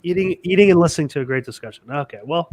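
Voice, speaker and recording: A man's voice: fairly high pitch, expressive, racing. A man with a congested voice, chatting animatedly as a podcast co-host and reading an article aloud. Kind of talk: casual podcast chat.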